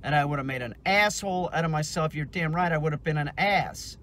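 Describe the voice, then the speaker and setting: A man's voice: a little high, brisk, a bit bright. A middle-aged man, a dog trainer, ranting casually and angrily for his vlog, swearing often and restarting his sentences as he talks. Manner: profane, heated, repetitive restarts.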